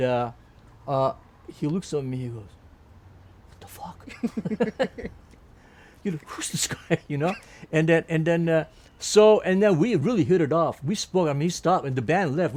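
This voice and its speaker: A man's voice: fairly high pitch, darkish tone. Older Turkish-born man telling a rambling story. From Turkey. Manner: rambling, many restarts, laughs at own story. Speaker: interviewee. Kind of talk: storytelling anecdote.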